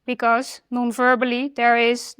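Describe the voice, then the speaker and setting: A woman's voice: a little high, completely flat delivery, a little slow, fairly bright tone, smooth, no room sound. A woman, hosting an interview in a thoughtful, conversational way. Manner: thoughtful, laughs often. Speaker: podcast host.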